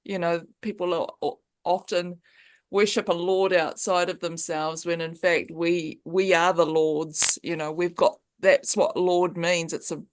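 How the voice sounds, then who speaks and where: A woman's voice: on the low side, little pitch movement, a little slow. A woman hosting an interview, affirming her guest with supportive comments and easy laughter. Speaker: interview host. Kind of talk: warm interview conversation.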